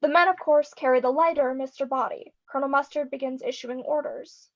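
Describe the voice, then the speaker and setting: A woman narrator reading stage directions in a brisk, wry way. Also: sits high, steady tone, highs cut off.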